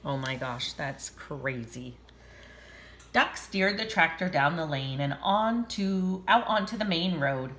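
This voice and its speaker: Expressive woman reading a picture book. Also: deep voice, slow, reverberant. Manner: expressive, chatty asides. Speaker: storybook reader. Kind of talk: reading aloud to children.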